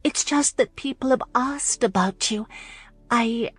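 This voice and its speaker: A woman's voice: on the high side, unhurried, slightly rough, no room sound, pitched above the performer's own voice. A woman doing a timid, fretting young lady. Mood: anxious. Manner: soft, hesitant, fretting. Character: anxious young noblewoman fiancée, timid and eager.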